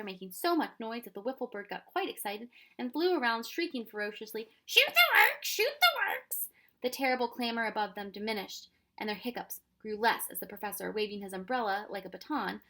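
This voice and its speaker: A woman reading a children's storybook aloud with expressive narration. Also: mid-range voice. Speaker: reader.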